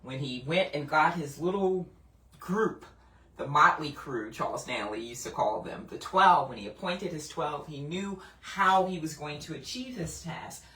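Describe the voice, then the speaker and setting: A woman giving a conversational Bible teaching, animated and full of restarts as she works through a passage. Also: low voice, unhurried. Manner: animated, acts out quoted voices, frequent restarts. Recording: roomy, mic at a distance.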